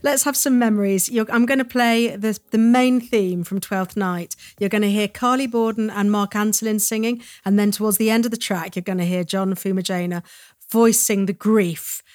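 A woman's voice: medium pitch, steady tone, moderate pace, a little mellow, no echo, clean studio sound. A woman hosting a radio interview, speaking to her guest in an effusive, admiring way and then introducing music. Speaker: host, former director.

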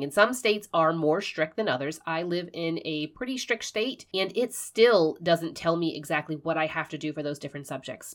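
A woman with a notably low voice hosts a homeschooling advice show. She sounds congested and nasal, and she is a little breathy. She speaks in a direct, reassuring way to the listener. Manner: warm, encouraging, direct-to-listener. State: nasal, stuffed-up voice. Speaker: homeschooling podcast host. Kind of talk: casual advice talk.

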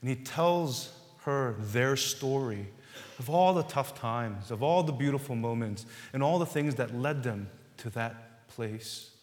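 A man preaching a sermon as pastor, earnest and repetitive, building to loud emphasis on key words. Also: mid-range voice, animated, a little slow, long reverb tail.

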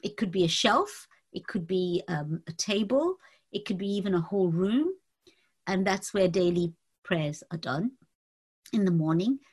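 A woman earnestly telling a personal faith testimony, reflective and halting with fillers. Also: medium pitch, expressive, darkish tone, breathy edge. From Indian family. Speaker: testimony speaker.

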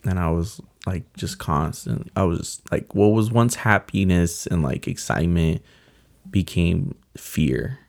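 A young man telling a personal story in casual talk, earnest and halting, with many fillers. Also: low voice, vocal fry. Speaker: guest telling his story.

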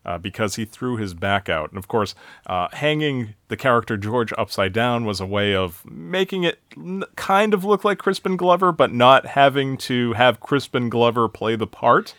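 A man from the United States co-hosting a casual chat, relaxed as he recaps scenes and asks questions. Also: mid-range voice, moderate pace, dry recording, clean studio sound. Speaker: podcast co-host. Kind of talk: casual chat and film commentary.

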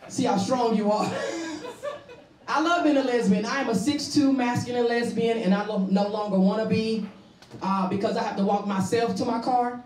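A woman's voice: a little high, fairly even intonation, normal speed, distant mic, crowd noise. Female stand-up, brash and raunchy, live club recording with roomy echo. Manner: brash, bawdy, repeats punchlines. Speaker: stand-up comedian. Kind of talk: stand-up comedy set. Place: comedy club stage before a live audience. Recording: roomy live recording from off-mic, loud audience laughter.

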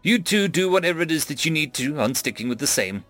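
A man's voice: on the high side, very animated, fast talker, a bit bright, faint music behind, voice pushed up. A man voicing a wary, blunt alien woman living alone on a station.

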